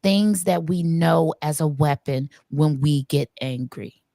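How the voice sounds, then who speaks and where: A woman's voice: sits low, slow pace, gravelly, warm tone, no room sound, clean studio sound. A woman co-hosting a casual livestream chat, telling candid personal stories and laughing often. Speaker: co-host and producer.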